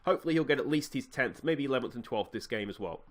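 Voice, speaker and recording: A man's voice: medium pitch, animated, quick pace. A man with an Australian accent hosting a video game let's play, chatty and easygoing with lots of fillers.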